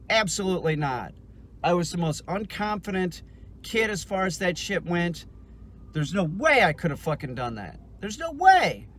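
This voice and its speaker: Profane, heated man with a high voice. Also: a bit bright, a little hiss or hum. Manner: profane, heated, repetitive restarts. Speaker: dog trainer vlogger. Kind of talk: casual ranting vlog.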